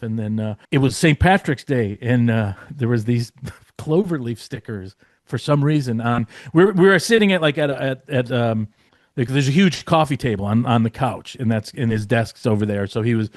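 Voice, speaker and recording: Male guest storyteller, mid-pitched, loose and rambling, curses freely, dry close mic. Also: a little mellow, no room sound. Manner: rambling, profane, lots of fillers. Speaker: podcast guest, former comedy writer. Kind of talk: casual storytelling.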